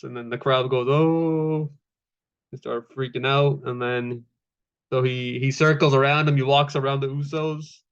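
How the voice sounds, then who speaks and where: A man's voice: mid-range voice, steady tone, measured pace, fairly bright tone, smooth, muffled recording. A man casually recapping a wrestling show, laid-back, with lots of fillers and swearing, acting out the quotes.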